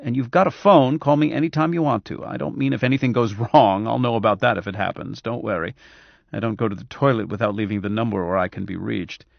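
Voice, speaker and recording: A harried, sick doctor, voiced by a male narrator who talks briskly and coaxingly, sometimes a little impatient. The voice is gravelly and dry, and the recording sounds a bit dull. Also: fairly low pitch, steady tone, dry recording. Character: harried, ailing man, a doctor with a cold.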